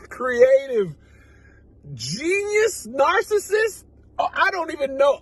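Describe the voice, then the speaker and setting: A man giving a comic, incredulous reaction commentary, rambling and animated. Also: very high voice, breathy edge. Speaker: comedian.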